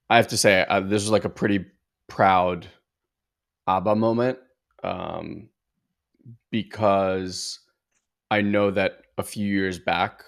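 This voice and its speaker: Low, gravelly-voiced man telling a story. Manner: reflective, earnest, with many filler words. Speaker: podcast co-host and father. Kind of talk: casual conversational storytelling.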